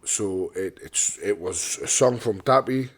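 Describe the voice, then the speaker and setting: A young pro boxer, interviewed as a guest, tells his own story in a fairly low, husky voice at a measured pace. He's blunt and swears freely, stumbling over and repeating words while acting out what people around him said.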